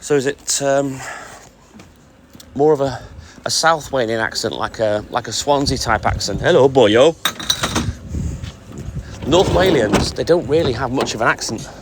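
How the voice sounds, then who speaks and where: A man's voice: medium pitch, moderate pace, noisy background. A man on his milk round chatting casually with live-stream viewers, greeting them by name. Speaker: livestreaming milkman. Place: delivery vehicle on a milk round. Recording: music playing behind.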